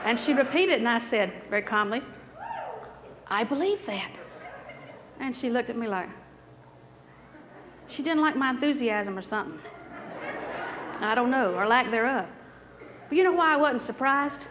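A woman's voice: on the high side, expressive, moderate pace, long pauses, background noise. A middle-aged woman preaching a healing sermon, telling a story in a repetitive, anecdotal way before moving into prayer. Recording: hall reverb with faint music.

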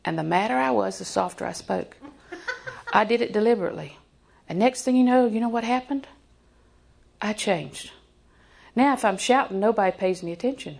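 A woman in her sixties preaching a sermon in a folksy, joking way, sometimes dropping to a hushed voice for emphasis. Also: medium pitch, fairly quick, gravelly, long pauses.

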